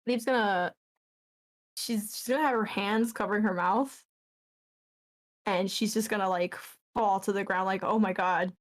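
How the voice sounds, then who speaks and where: A woman player casually describing what her character does, halting as she goes. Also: medium pitch, fairly even intonation.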